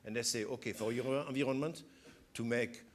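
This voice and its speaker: A man's voice: medium pitch, steady tone, brisk, slight background noise. An older man from France with a French accent, a chef explaining things in an interview, often adding "you know". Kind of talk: interview conversation.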